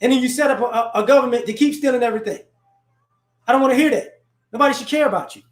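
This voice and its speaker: His very high voice races along as he hosts a live stream, ranting bluntly and confrontationally about social issues without a script. He rambles and repeats words to drive each point home, with a roomy echo on the audio.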